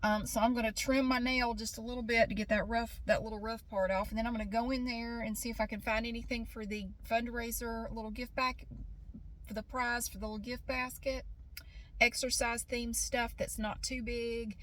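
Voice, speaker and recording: A middle-aged woman rambles through a casual vlog, talking to the camera as if to a friend. Her voice sits a little high and she breaks into laughs often. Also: level tone, normal speed, fairly bright tone, a little hiss or hum. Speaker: vlogger.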